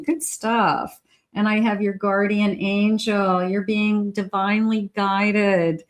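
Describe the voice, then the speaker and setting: A woman doing a casual tarot reading, speaking slowly and thoughtfully. She thinks aloud as she pulls cards, now and then addressing spirit directly. Her voice sits at an ordinary middle pitch. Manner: unhurried, musing aloud, talking to spirit. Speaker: psychic tarot reader.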